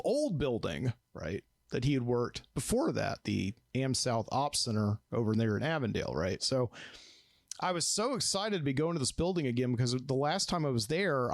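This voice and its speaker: A man's voice: mid-range voice, dry recording. A middle-aged man, hosting a late-night solo show and telling a rambling, wry story in a studio. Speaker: podcast host.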